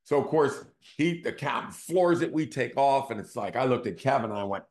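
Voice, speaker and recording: A man's voice: medium pitch, moderate pace, hardly any pauses, a little mellow. A man hosting his own show, talking in a casual, conversational storytelling way and often checking in with his listeners. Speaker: real estate team CEO hosting a show.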